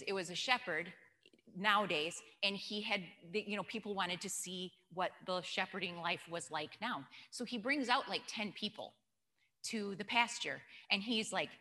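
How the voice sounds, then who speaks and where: Bright-voiced woman giving a chatty church talk. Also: fairly low pitch, moderate pace. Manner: chatty, storytelling, asks the audience questions. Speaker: church speaker. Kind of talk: informal church teaching talk. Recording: long hall reverb.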